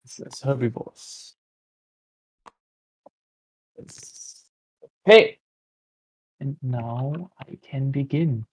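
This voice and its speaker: A man's voice: mid-range voice, extremely slow, pauses often, slightly rough, rough recording. A man playing a board game, thinking aloud and explaining the rules to his opponent. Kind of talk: casual board game chat.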